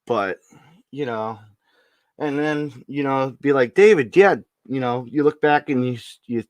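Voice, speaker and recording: A man's voice: mid-range voice, fairly even intonation, measured pace, no echo. A man hosting a podcast in a casual, rambling way, laughing often and saying "you know" a lot. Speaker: podcast host. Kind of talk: casual chat.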